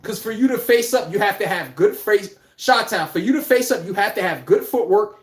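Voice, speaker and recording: A man's voice: high-pitched, expressive, fairly quick, reverberant. A man hosting a casual live-stream sports podcast, talking bluntly and animatedly, swearing and laughing as he rants. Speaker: podcast host.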